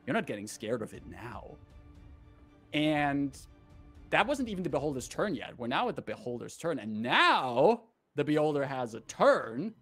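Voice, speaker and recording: A man running a tabletop game as dungeon master, narrating the scene in a measured, playful way. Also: mid-range voice, big pitch swings, a bit bright, breathy edge, soft background music.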